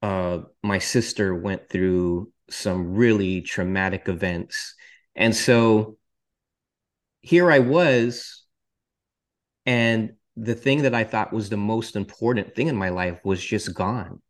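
A man's voice: fairly low pitch, takes it slowly. A male podcast host candidly and earnestly telling his personal faith testimony, with touches of self-deprecating humor.

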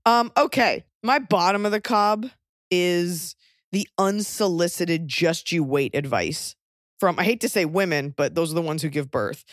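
A woman's voice: fairly low pitch, measured pace, dry recording. Blunt joking woman, dry sound. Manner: blunt, joking, animated storytelling. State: pregnant. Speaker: podcast co-host. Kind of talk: casual chat.

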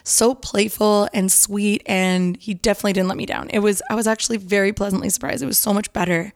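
A young woman casually telling a dating story, acting out both sides of the conversation with big pitch jumps. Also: steady tone, fast, gravelly, no echo, clean studio sound. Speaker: storyteller recounting dates.

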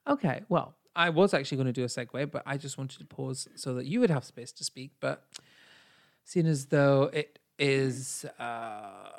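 A man co-hosting a casual podcast with his husband, talking in English, which is not his first language, in an animated, theatrical way that jumps into high squeals. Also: normal speed, vocal fry. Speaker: podcast co-host. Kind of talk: casual chat.

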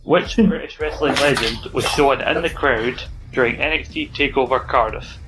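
A man's voice: medium pitch, moderate pace, over music, low-quality recording. Man hosting a podcast quiz. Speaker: quiz host.

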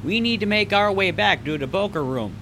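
A man's voice: sits high, expressive, a little fast, bright, forceful tone, a little hiss or hum, voice pushed up. A man voicing a wry, teasing male undercover agent.

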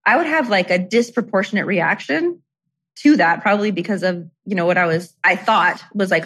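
A woman's voice: mid-range voice, normal speed, a bit bright, slightly rough. A middle-aged woman guest telling personal stories in casual conversation, chatty and full of "like" and "you know".

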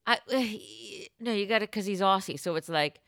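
A woman co-hosting a podcast, telling stories in an excitable, goofy, casual chat. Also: medium pitch, normal speed, gravelly, no room sound. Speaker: podcast co-host.

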